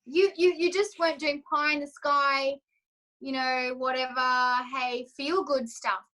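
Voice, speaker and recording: A woman's voice: sits high, fairly even intonation, a little slow, a bit bright, low-quality recording. A woman coach telling her personal story in an interview, emotional and candid, acting out her own inner thoughts as she speaks. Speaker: confidence coach, interview guest.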